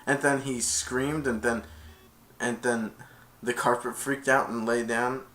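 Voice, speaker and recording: A man's voice: medium pitch, steady tone, measured pace, fairly bright tone. A man casually retelling a film's plot, rambling and stringing events together with repeated "and then". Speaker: film reviewer.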